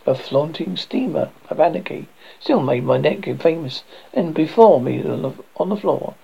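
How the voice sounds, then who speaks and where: A man's voice: on the high side, vocal fry, a little mellow, breathy edge. A man reading a first-person horror story aloud, with a dramatic delivery and some slips and restarts. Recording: dull lo-fi recording.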